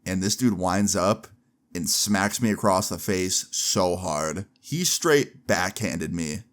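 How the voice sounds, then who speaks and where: A man's voice: low voice, slow pace. A young man telling a personal story in a casual, slangy way for a vlog. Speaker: vlogger.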